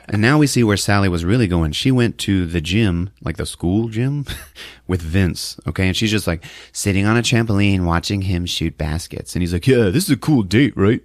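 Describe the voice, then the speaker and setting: A man hosting a podcast, recapping a film in a jokey, animated storytelling manner. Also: low-pitched, normal speed, no echo, studio quality. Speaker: podcast host. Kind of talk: casual movie recap.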